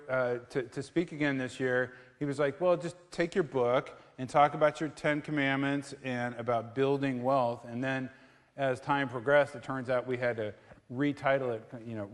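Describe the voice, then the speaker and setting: A middle-aged man gives a talk from a theatre stage, his voice sitting at an ordinary pitch. He is casual and joking but halting, full of fillers and restarts as he finds his words. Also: big-room sound. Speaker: guest speaker on investing. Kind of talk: live public talk with jokes.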